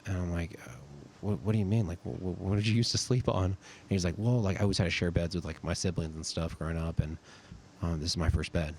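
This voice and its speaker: Guesting on a podcast, this twenty-something army sergeant from California tells loose, meandering stories heavy with the filler "like." He talks fast in a deep, darkish voice with fairly even intonation. There is slight noise behind him.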